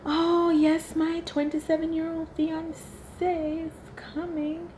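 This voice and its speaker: A woman voicing a smug older woman who speaks in a prim, drawn-out, simpering way. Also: very high voice, level tone, a little mellow, a little hiss or hum, pitched above the performer's own voice, poor audio. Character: simpering older woman bragging about fiancé.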